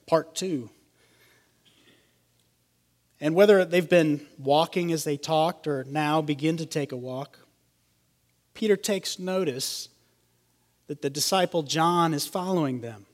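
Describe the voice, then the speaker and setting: A man, a pastor, preaching an expository sermon in a measured way, slowing down to stress key lines. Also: on the high side.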